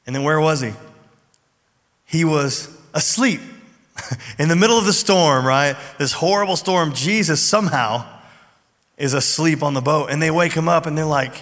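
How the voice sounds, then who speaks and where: A man's voice: a little high, normal speed. A man preaching a sermon in a casual, conversational way, then leading a prayer. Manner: conversational, informal preaching with fillers. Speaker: pastor. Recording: hall reverb with music behind. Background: soft music.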